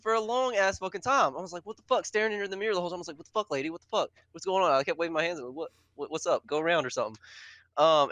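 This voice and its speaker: A young man chats on a casual podcast with a bright, lively voice that rises and falls as he acts out his stories. He sits close to the mic in a dry, dead room. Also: sits high, no room sound. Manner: animated storyteller who acts out his own lines and laughs a lot. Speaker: podcast co-host. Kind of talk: casual chat.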